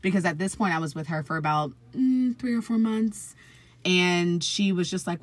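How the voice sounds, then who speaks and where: A woman's voice: fairly low pitch, fairly even intonation, fairly quick. A woman in her twenties in a casual interview, telling a personal story in a chatty way, full of fillers and acted-out quotes. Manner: chatty, filler-heavy, acts out quoted voices. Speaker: guest.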